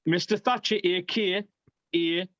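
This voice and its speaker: A man's voice: sits high, unhurried, no echo, muffled recording. A man, hosting a casual beer podcast and telling stories animatedly. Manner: animated storyteller. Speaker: podcast host. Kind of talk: casual chat over beers.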